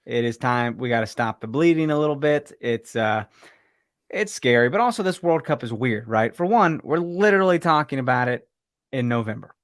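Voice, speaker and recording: A man's voice: mid-range voice, animated, normal speed, no room sound, clean studio sound. A young man co-hosting a casual sports podcast, joking and teasing his co-host in a playful way.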